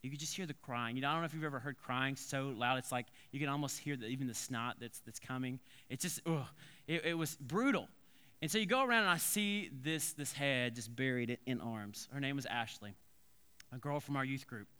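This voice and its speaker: A man preaching from the pulpit with a crisp, bright voice that sits a bit high. He tells stories in an animated, conversational way, full of asides and restarts. The sound rings with the long reverb of a church hall. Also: a little fast. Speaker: pastor. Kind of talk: storytelling sermon.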